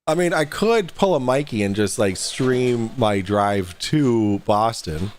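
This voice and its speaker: A man's voice: medium pitch, lively intonation, takes it slowly, a little hiss or hum. A man hosting a casual livestream talk show, joking, swearing and laughing a lot.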